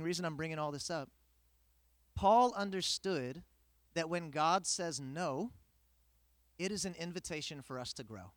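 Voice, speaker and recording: A man preaching a sermon, telling a personal story with lively humor before his main point. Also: high voice, no room sound.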